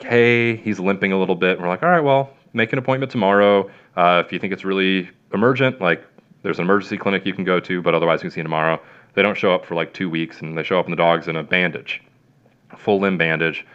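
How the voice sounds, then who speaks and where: A man's voice: deep voice, fairly even intonation, fast, a bit bright, clean tone. A man, a veterinarian, casually telling long stories in an interview, rambling with lots of fillers and acting out what people said. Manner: rambling with many fillers and acted-out quotes. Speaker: veterinarian guest. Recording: dull lo-fi sound.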